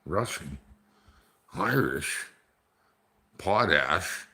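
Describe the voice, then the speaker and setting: Man, middle-aged, tipsy, rambling joker, rough off-color banter, lowish voice, bright tense tone. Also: expressive, drawn-out words, long pauses. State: tipsy from drinking. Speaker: livestream host. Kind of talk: casual livestream chat with viewers.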